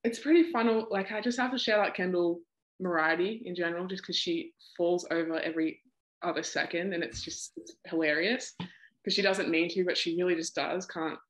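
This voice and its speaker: A woman's voice: lowish voice, steady tone, normal speed, poor audio. A young woman with an Australian accent, a college basketball player chatting casually as a podcast guest and laughing often. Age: young adult.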